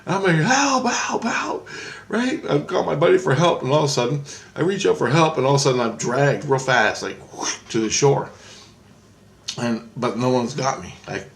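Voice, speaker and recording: A man casually recounting a story in a vlog, excitable and profane, switching into a raised voice when quoting people. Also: medium pitch, creaky. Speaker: vlogger.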